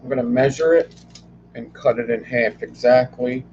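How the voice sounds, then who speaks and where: A man's voice: mid-range voice, normal speed, darkish tone. A man chatting casually while he builds vape coils, offhand and swearing now and then. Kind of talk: casual workshop chat. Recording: dull lo-fi home recording with faint noise.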